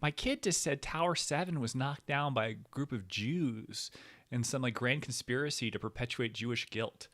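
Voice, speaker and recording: A man hosts a comedy show in a loose solo monologue. His voice is bright and forward, and he rambles from one tangent to the next. He fills gaps with fillers and false starts. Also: medium pitch, normal speed. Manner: rambling, tangents, frequent fillers and restarts, sudden whispers. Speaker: podcast host.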